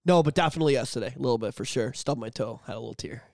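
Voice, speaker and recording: A man co-hosting a podcast, talking candidly and swearing a lot, sometimes bursting into loud shouted bits. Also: mid-range voice, very fast, gravelly. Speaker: podcast co-host. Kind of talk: candid casual chat.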